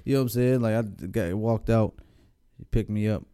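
A man's voice: fairly low pitch, moderate pace, clean tone. A man telling stories in a casual chat, laughing often. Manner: animated storytelling, laughs often.

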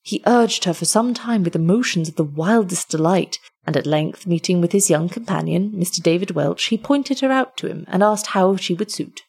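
Low, husky woman reading a tale. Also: lively intonation, normal speed, few pauses, a little mellow. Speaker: storyteller. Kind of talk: reading an old tale aloud.

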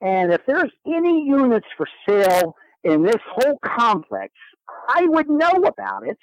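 A man's voice: extremely high pitch, wildly swooping pitch, measured pace, no echo, dull audio, voice pushed up, exaggerated voice. A man voicing a brusque, aggressive middle-aged woman with a Chicago accent. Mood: suspicious, bossy. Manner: aggressive, shouting.

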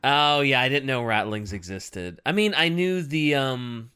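A man's voice: medium pitch, lively intonation, measured pace, sharp tone, smooth. A man chatting casually as a co-host, playful and joking while he guesses aloud. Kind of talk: casual chat.

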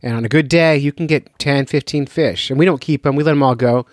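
A man's voice: medium pitch, quick pace, no room sound, clean studio sound. A man hosting a fishing podcast in a loose, jokey, rambling way. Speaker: podcast host. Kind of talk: casual podcast talk.

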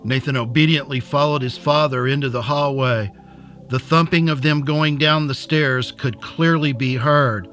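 A man narrating a story in an even, unhurried reading voice. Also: mid-range voice, soft background music. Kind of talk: audiobook reading.

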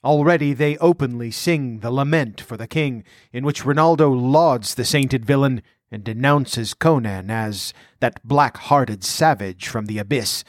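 A man voicing a scheming, ambitious outlaw noble who speaks in a measured, scornful, domineering way. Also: medium pitch, no echo, clean studio sound, close to an everyday voice.

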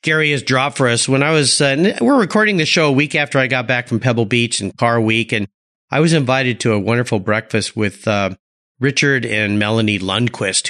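A man's voice: medium pitch, a bit bright. A man hosting a podcast interview, upbeat and speaking directly to his listeners. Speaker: podcast host. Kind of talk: conversational interview.

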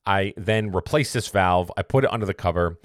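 A podcast host with a low-pitched voice talks at a brisk clip, recorded in studio quality with no room sound. His casual monologue is one long story, rambling and self-correcting, which he eventually turns into a motivational message.

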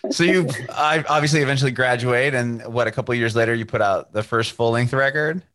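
A man's voice: mid-range voice, fast talker. Male interviewer, easygoing and curious, mid-range voice, video call. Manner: relaxed, curious questions. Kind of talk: casual interview.

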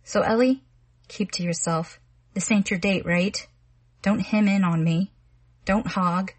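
A woman reading a menacing, smooth-talking young man who coaxes and taunts in slangy patter. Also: medium pitch, steady tone, natural voice. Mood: taunting. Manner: slangy, wheedling drawl with rapid patter.

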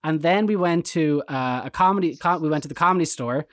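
An Irish man telling rambling anecdotes in casual chat, jumping into animated quoted voices. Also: fairly high pitch, brisk, no room sound, clean studio sound. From Ireland.

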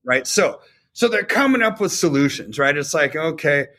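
A man's voice: on the high side, expressive, normal speed, pushed and bright. A man co-hosting a talk show, explaining economics casually and checking in with frequent rhetorical questions. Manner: conversational, explains with rhetorical "right?" tags. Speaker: podcast co-host.

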